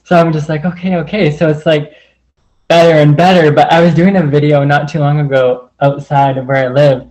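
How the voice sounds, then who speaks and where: A man's voice: on the high side, fairly even intonation, fairly quick, a little mellow, low-quality recording. A man telling a personal story in a casual, rambling way, full of "like", over a video call. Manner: rambling, heavy use of "like". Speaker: group call participant.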